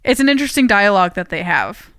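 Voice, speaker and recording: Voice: medium pitch, big pitch swings, quick pace, fairly bright tone, clear, resonant tone, dry recording, clean studio sound. A podcast co-host recapping a film plot in casual chat, eager and full of filler "like"s.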